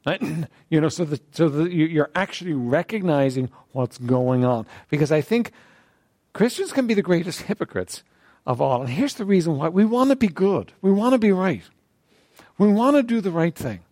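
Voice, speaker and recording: A man leads a church group in a question-and-answer talk. His voice sits a bit high and swings widely in pitch. The sound is dry and close, with no room echo, and he keeps clearing his throat. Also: expressive, normal speed, a little mellow. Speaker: teacher leading a church group. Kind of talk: interactive talk on faith.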